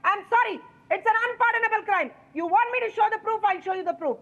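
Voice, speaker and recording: A woman's voice: very high-pitched, quick pace, few pauses, a bit bright, highs cut off. A woman, a panelist in a heated TV debate, insistently repeating her questions over the others.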